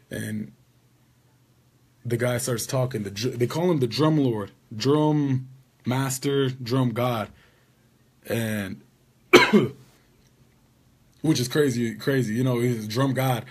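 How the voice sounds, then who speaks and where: A man's voice: mid-range voice, breathy edge. A man casually telling a rambling story about being wronged, with an indignant tone. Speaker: vlogger.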